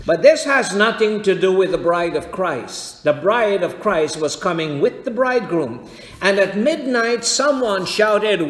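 A man preaching a sermon in a church, slow and deliberate, checking that his congregation follows. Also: sits high. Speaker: pastor. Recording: echoey hall with long reverb.

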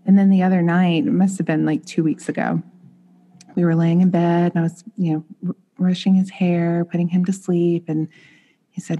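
A woman's voice: fairly low pitch, steady tone, a little fast, dark tone, breathy edge, lo-fi sound. A woman in her thirties, a mother and podcast guest, earnestly telling a heartfelt personal story in conversation.

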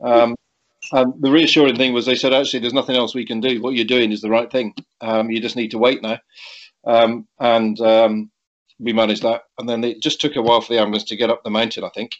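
A man's voice: medium pitch, flat delivery. A middle-aged man telling a story in a conversational way, hesitant and full of restarts, often chuckling. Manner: halting, with frequent restarts and chuckles. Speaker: guest recounting a cycling accident. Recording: dull lo-fi recording.

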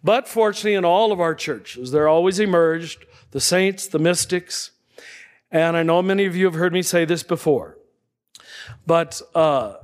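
A man giving a spiritual talk to an audience, conversational, often checking in with the listeners and chuckling softly. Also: on the high side, moderate pace. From United States. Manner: conversational, checks in with tag questions and soft chuckles. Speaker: spiritual teacher.

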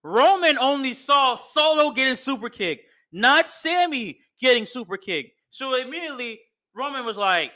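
A man hosts his podcast with a loose, excitable recap of a wrestling match. He swears constantly and leans hard on casual slang. His voice sits high and rings very bright and cutting. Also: normal speed, hardly any pauses. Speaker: podcast host.

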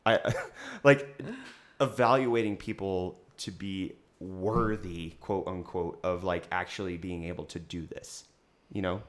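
A man's voice: sits low, fairly even intonation, a little slow. A young man chatting casually on a podcast, rambling with many fillers and restarts and often laughing. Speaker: podcast co-host, business owner.

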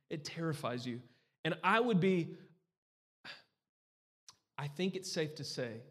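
High-voiced man preaching in a reverberant church hall. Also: fairly bright tone. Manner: conversational, asks the crowd questions. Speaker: pastor. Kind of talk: sermon.

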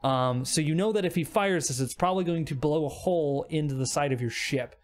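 A man's voice: on the high side, fairly quick. A man narrating as game master in a rambling, casual way full of fillers.

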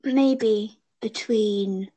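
This young woman, a podcast co-host, talks casually with fans over a call in a giggly, rambling way, tying thoughts together with "and then." Her mid-range voice has a dark tone, and she draws her words out.

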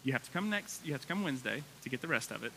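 A male pastor preaching a sermon with energy, his voice climbing high when excited, with casual asides to the congregation. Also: racing, slight background noise.

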